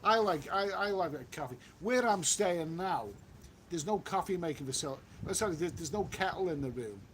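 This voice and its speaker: Chatty man, high voice. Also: expressive, a little fast, slight background noise. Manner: chatty, repeats himself, reads comments aloud. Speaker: travel vlogger reading live chat. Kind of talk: casual live-stream chat. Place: outdoors on a walk.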